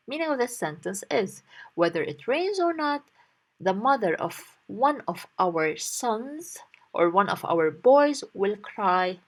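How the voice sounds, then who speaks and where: A woman's voice: medium pitch, big pitch swings, slow. A young woman teacher patiently explaining a story word by word in a language lesson.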